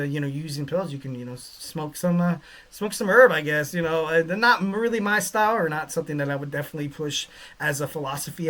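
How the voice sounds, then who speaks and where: A man hosts a wrestling podcast in a loose, rambling style. He leans on fillers and laid-back slang, and his voice sits a little high for a man. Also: a bit bright. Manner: rambling, heavy on fillers like "you know". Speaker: podcast host. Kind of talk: casual wrestling podcast talk.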